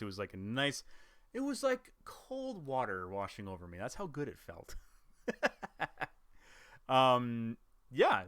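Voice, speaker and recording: A man's voice: medium pitch, a bit bright, dry recording. Rambling gamer guy recapping his year. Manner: rambling, with restarts and chuckles. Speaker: gaming YouTuber. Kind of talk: casual year-in-review chat to camera.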